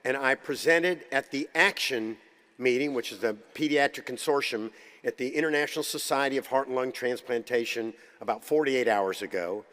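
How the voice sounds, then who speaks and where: A man's voice: mid-range voice, moderate pace, a bit bright. A man giving a conference keynote, with humorous, anecdotal storytelling. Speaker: keynote speaker. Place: conference hall. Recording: long hall reverb.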